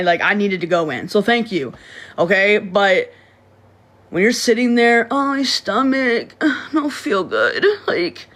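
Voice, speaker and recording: A young woman chats straight to her livestream audience in a loose, rambling way. She stumbles over words and restarts often, speaks bluntly with plenty of swearing, and her pitch sits in an ordinary middle range. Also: fairly bright tone. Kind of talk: casual livestream chat to viewers.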